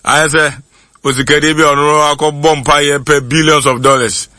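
Bright, dry-voiced Ghanaian man. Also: fairly high pitch, flat delivery, normal speed, no echo. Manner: laughs often, mixes in English words. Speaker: show host. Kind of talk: casual chat.

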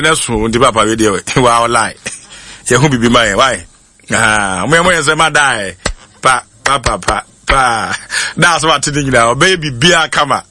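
A man's voice: medium pitch, pushed and bright, no echo. A Ghanaian-accented man talking casually to his YouTube viewers, laughing often and mixing in English phrases. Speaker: YouTube commentator. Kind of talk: casual monologue.

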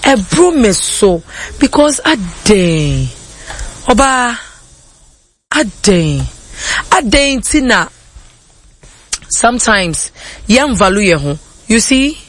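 A woman's voice: mid-range voice, big pitch swings, slow, long pauses, husky. A woman with a Ghanaian accent hosting a call-in radio show, animatedly giving advice and mixing English with Twi.

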